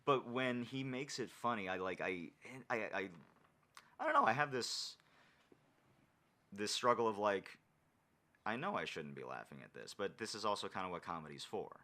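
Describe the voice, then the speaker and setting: A man's voice: fairly low pitch, animated, normal speed, pauses often, sharp tone. A man chatting casually on a podcast, hesitant, full of ums, often trailing off mid-thought. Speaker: podcast co-host.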